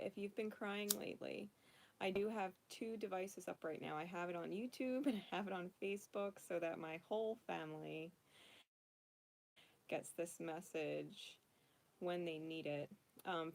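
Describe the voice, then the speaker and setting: A woman hosting a casual livestream card reading, chatting and laughing often before softly calling in her angels. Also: lowish voice, vocal fry. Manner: chatty, laughs often, soft prayerful invocations. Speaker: spiritual card reader.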